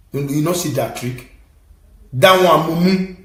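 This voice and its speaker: A Nigerian man giving impassioned, scolding commentary, bursting into shouts and preaching at his listeners. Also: fairly high pitch, measured pace, long pauses, echoey room, rough recording. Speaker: online commentator.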